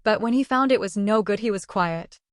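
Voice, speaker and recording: A woman narrating a storybook in an even, measured way. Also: medium pitch, dry recording, clean studio sound.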